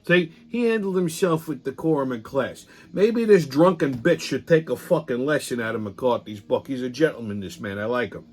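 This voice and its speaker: A man's voice: medium pitch, moderate pace, hardly any pauses, darkish tone, soft background music. A man hosting a weekly political commentary show, ranting in a profane, heated, sarcastic way, rambling and restarting his sentences.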